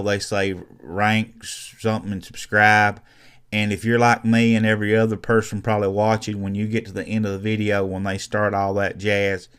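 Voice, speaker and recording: Low smooth guy doing a chill tutorial, lots of "you know"s, talks like he's just chatting. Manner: conversational, loose, with "you know" fillers and restarts. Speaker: YouTube marketing instructor. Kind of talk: casual screen-recorded tutorial.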